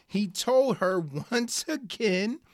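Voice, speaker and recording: An earnest podcast host teaching scripture who reads old-style verses aloud and then explains them with rising excitement, often calling listeners "guys". The voice sits in a middle pitch. It is recorded dry, with no room echo. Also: slow. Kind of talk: Bible study podcast talk.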